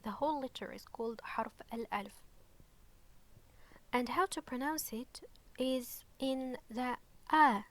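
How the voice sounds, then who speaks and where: A woman gives an online language lesson at a slow, careful pace. Her voice sits fairly high, and she keeps stopping to ask "okay?" as she explains each point with patience. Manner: slow and patient, with frequent fillers and "okay?" check-ins. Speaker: Arabic teacher.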